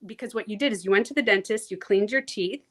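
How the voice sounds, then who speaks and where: Animated woman coach, laughs easily. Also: medium pitch, fast talker. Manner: animated, acts out inner voices, laughs easily, swears casually. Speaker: transformation coach, guest. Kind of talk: casual interview talk.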